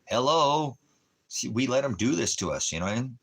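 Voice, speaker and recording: A man's voice: mid-range voice, big pitch swings, a little fast, fairly bright tone, breathy edge. A man ranting to his viewers in a rambling, profane, heated way, often restarting his sentences. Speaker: livestreamer addressing viewers. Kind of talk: casual profane rant.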